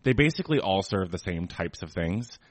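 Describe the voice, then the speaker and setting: A man's voice: low voice, lively intonation, fairly quick, no room sound. A man co-hosting a podcast, chatting casually and giving opinions, with lots of fillers. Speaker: podcast co-host. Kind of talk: casual chat.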